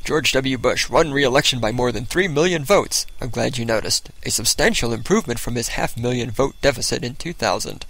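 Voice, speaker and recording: A man with a gravelly, creaky voice delivers sarcastic political commentary. He rants and mocks, reading quotes aloud with open scorn. His pitch sits in an ordinary middle range. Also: brisk, few pauses, fairly bright tone, rough recording. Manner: mocking, ranting, reads quotes aloud with scorn. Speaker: host of a political commentary show.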